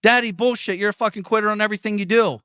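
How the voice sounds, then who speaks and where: A man's voice: high-pitched, fairly even intonation, rapid-fire, sharp tone, smooth, no echo, clean studio sound, pitched above the performer's own voice. A man putting on a whiny little boy. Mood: accusing. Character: whiny young boy wanting to quit.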